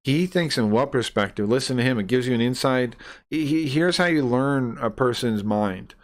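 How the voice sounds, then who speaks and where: A man's voice: mid-range voice, normal speed. A man livestreaming, retelling a grievance in an indignant, profane, rambling way. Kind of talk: ranting stream commentary.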